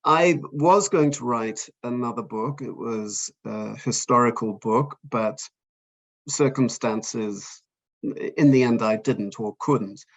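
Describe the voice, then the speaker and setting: A man's voice: medium pitch, slow, muffled recording. Hesitant older man from Fiji. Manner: hesitant, self-deprecating, many ums and restarts. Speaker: author guest. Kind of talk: conversational interview.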